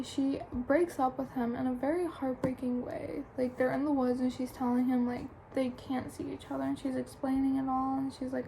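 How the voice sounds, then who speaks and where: A woman's voice: high-pitched, warm tone, slight background noise, low-quality recording. A young adult woman chattily retelling a book's plot for a review, full of "like" and "um". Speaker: book reviewer. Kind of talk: casual plot recap.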